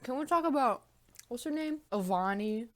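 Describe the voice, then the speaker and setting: A woman's voice: on the high side, moderate pace. A young woman chatting casually in a vlog at home, rambling and swearing while she eats. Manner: profane, rambling, animated banter; talks while eating. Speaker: vlogger. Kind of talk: casual mukbang vlog chat.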